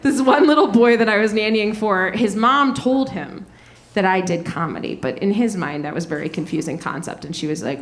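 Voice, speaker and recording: A woman, performing a self-mocking stand-up comedy set in an animated way on a comedy club stage. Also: medium pitch, moderate pace. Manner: animated, self-mocking, laughing through lines.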